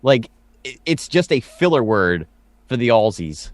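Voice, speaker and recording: A man's voice: mid-range voice, big pitch swings, measured pace, dry recording. A man co-hosting a podcast, rambling through provocative stories in casual chat. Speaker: podcast co-host.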